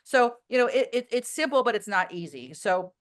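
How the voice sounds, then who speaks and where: A woman guest in a casual interview, talking bluntly and telling animated stories with plenty of fillers. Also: a little high, normal speed.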